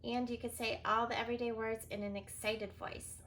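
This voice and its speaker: In a recorded reading lesson for young kids, a woman teacher sounds out words and spells them letter by letter, praising frequently and encouragingly. Her voice is a little high and a bit bright, fairly quick with little pitch movement, over slight hiss or hum.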